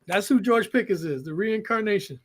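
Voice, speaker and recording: A man's voice: high voice, brisk. A man co-hosting a sports podcast, blunt and slangy, laughing often between points. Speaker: podcast co-host. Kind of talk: casual sports banter.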